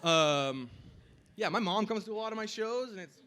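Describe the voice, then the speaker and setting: A young man doing a stand-up comedy set on a festival stage, with a loose, rambling delivery full of "like" and shouting over the crowd at times. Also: high-pitched, lively intonation, moderate pace, slight background noise.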